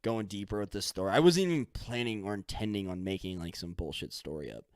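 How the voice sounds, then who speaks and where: A man's voice: lowish voice, lively intonation, fast, dry recording, studio quality. A man hosting a solo podcast, rambling loosely, swearing casually and making up stories as he goes. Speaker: podcast host.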